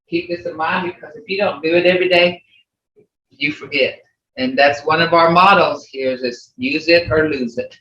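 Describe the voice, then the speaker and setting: Slow, patient language teacher. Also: medium pitch, a bit bright. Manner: slow, repetitive, patient explaining. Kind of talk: online language class. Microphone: video call. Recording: echoey, distant, muffled video call.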